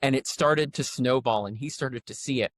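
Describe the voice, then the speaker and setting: A man telling a workplace story with lively retold quotes in a casual podcast conversation. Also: mid-range voice, normal speed, dry recording. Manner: animated storyteller, acts out quotes. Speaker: podcast guest, roofing company leader.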